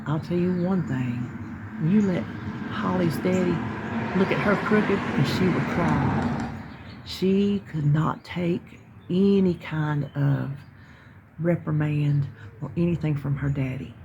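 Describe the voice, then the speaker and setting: Her low-pitched voice moves slowly, with the highs cut off and heavy noise in the background. She's a middle-aged Southern vlogger from North Carolina, rambling casually to viewers from her yard while birds chirp.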